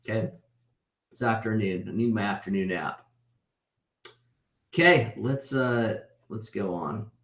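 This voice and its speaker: A man's voice: fairly low pitch, unhurried, pauses often, a bit bright. Man teaching an online class, roomy echo. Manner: conversational, tags points with "right?". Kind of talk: casual online class lecture. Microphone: video call.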